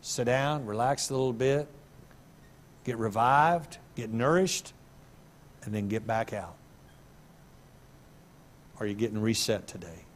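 A middle-aged man preaching in a church sanctuary, his ordinary mid-range voice breaking into sudden loud, high-pitched bursts when he makes a point. His delivery is animated and conversational. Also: slow, pauses often. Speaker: pastor. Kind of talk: sermon.

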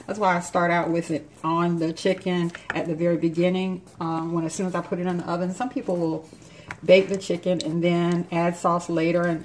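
A slightly low-voiced woman talks her way through a home recipe in a casual, chatty way, her mouth still numb from the dentist. Pots and dishes clatter around her in a noisy home kitchen. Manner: chatty, explains each step as she goes. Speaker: home cook. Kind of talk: casual cooking demonstration.

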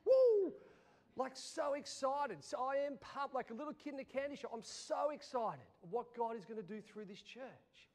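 Aussie pastor guy preaching, animated, goes loud then hushed, big church reverb. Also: extremely high pitch, normal speed, hardly any pauses. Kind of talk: sermon. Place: church hall.

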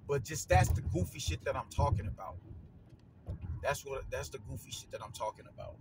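A man, giving a casual opinion monologue as a boxing commentator, animated and slangy, swearing and repeating himself. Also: mid-range voice, a little fast, very noisy.

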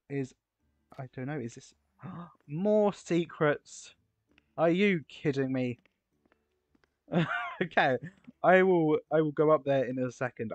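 A man giving casual, excitable gameplay commentary, gushing over builds with gasps and exclamations. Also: medium pitch, no room sound. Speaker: game video creator touring player builds. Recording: slightly dull, lo-fi recording.

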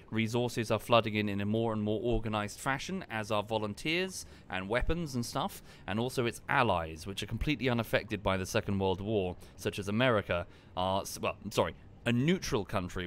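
A man casually commenting on a live game stream and explaining history at length in a relaxed, wry way. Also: lowish voice, a little hiss or hum.

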